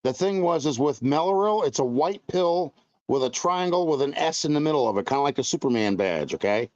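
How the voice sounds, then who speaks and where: Blunt man, slightly high, dull sound. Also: lively intonation, brisk, darkish tone, no room sound. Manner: blunt, laughs often. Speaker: guest. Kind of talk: casual chat.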